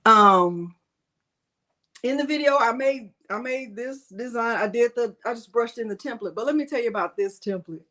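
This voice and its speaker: A retired woman, hosting a live crafting Q&A and chatting warmly with viewers by name. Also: a little high, moderate pace. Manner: chatty, greets viewers by name, playful fussing. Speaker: crafting livestream host. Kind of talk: live Q&A chat, reading viewer comments.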